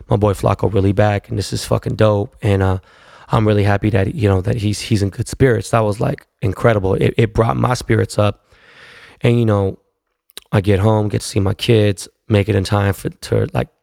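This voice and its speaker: A man's voice: lowish voice, vocal fry, a little mellow, dry recording, studio quality. A man, hosting a casual solo podcast and telling stories in a profane, laid-back way full of slang. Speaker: podcast host.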